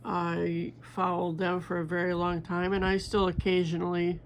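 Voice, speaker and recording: A woman's voice: lowish voice, completely flat delivery, moderate pace, slight background noise. An older woman chatting casually while she makes a bracelet, rambling with many fillers and restarts. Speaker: crafting vlogger. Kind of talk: casual chat while beading.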